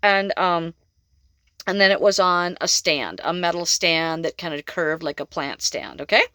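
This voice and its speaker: A woman's voice: lowish voice, a little slow, bright, forceful tone, no room sound. A middle-aged woman psychic telling a story in a chatty, rambling way, laughing often. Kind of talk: casual storytelling monologue.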